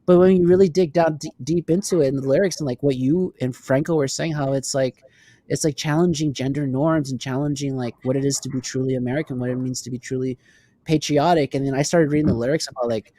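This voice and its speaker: A man co-hosting a casual podcast chat, animated and swearing now and then. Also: medium pitch, quick pace, no room sound. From Texas. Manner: animated, swears, laughs often. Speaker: podcast co-host.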